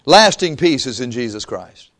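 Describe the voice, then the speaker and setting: A man's voice: medium pitch, big pitch swings, moderate pace, a bit bright. A male pastor preaching a sermon in a conversational way, with frequent restarts and quotes he acts out.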